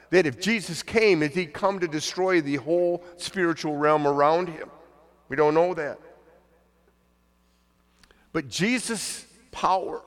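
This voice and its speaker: A man preaching a sermon in a relaxed, conversational way, his voice sitting a little high for a man. He acts out the voices of the people he quotes. The sound rings with long reverb from a church hall. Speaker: pastor.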